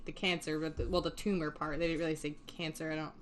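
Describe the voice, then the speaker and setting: A woman's voice: low-pitched, little pitch movement, fast talker, a little hiss or hum. A young woman hosting a casual podcast, recapping a film in a chatty way, laughing often and swearing casually. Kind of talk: casual chat.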